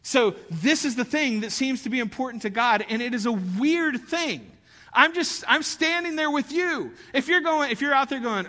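Guy pastor preaching, chatty and animated, bright voice, lots of hall echo. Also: extremely high pitch, a little fast. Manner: animated, conversational preaching with rising emphasis. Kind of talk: sermon.

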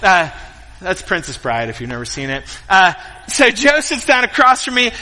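A man preaching a sermon, telling funny self-deprecating stories and quieting down to pray. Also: high-pitched, brisk. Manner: animated, self-deprecating, jokes with congregation; quiet, hushed when praying. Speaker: pastor. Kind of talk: sermon with personal storytelling. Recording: long hall reverb.

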